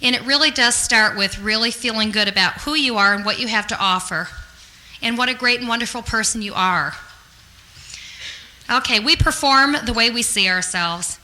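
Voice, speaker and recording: A woman's voice: on the high side, normal speed, sharp tone, poor audio. A woman giving a motivational sales training talk in an upbeat, earnest and encouraging way.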